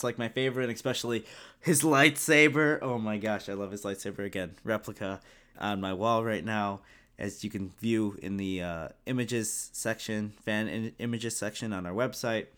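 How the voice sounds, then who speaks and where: A man co-hosting a podcast, chatting in a relaxed way, often chuckling and restarting his sentences. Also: lowish voice, moderate pace. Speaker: podcast co-host. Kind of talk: casual fan podcast chat.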